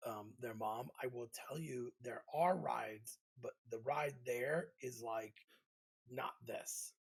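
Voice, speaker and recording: A man's voice: medium pitch, takes it slowly, vocal fry, slightly rough, low-quality recording. A man co-hosting a gaming podcast, chatting casually and with enthusiasm. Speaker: podcast co-host. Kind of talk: casual chat.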